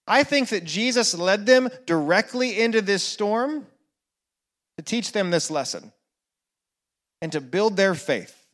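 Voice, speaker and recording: Slow, high-voiced male preacher. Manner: slow, with dramatic hushed repetitions and rising emphasis. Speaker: pastor. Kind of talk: sermon.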